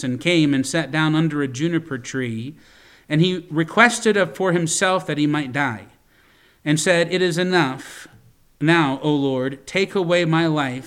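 A man preaching a sermon, reading scripture slowly and commenting with quick asides and frequent restarts. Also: a little high.

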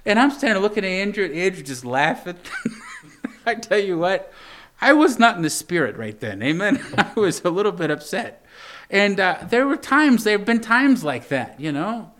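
A man's voice: high voice, very animated, moderate pace, a bit bright. A young adult man preaching a sermon, talking conversationally and asking the congregation for an amen. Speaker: pastor.

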